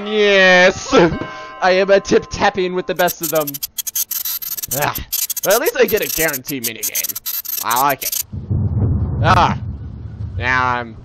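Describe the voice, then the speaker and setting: A man's voice: on the high side, poor audio. A man giving casual, self-mocking commentary while playing a horror video game, laughing often. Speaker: let's player.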